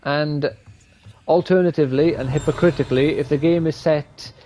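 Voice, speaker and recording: Rambling, profane gamer. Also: male voice, on the high side, fairly even intonation, moderate pace, mellow, slight background noise. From Wales. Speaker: streamer. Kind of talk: live gameplay commentary.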